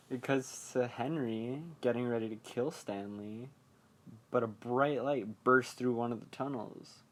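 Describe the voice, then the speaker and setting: A man hosting a podcast, recapping a horror movie in a casual, rambling way, full of fillers and chuckles at his own remarks. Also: medium pitch. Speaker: podcast host.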